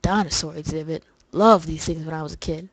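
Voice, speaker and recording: A woman's voice: low voice, fairly even intonation, brisk, no room sound. A young woman doing casual, rambling commentary over gameplay, often restarting her sentences. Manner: chatty, rambling, full of fillers. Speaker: let's play host.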